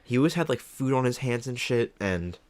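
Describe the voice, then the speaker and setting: A man's voice: mid-range voice, animated, a little fast, darkish tone, no room sound. A young man co-hosting a casual podcast chat, rambling through stories, swearing freely and acting out the people he quotes. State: ice in mouth. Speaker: podcast co-host.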